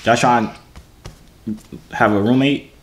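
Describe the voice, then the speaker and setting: A man's voice: mid-range voice, a little slow. Joking young man on a noisy video call.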